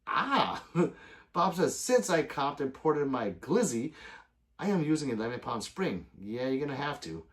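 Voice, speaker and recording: A man hosting a casual livestream, reading viewer comments aloud, joking and swearing freely with loud sudden outbursts. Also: medium pitch, very animated, a little slow. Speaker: gun channel livestream host.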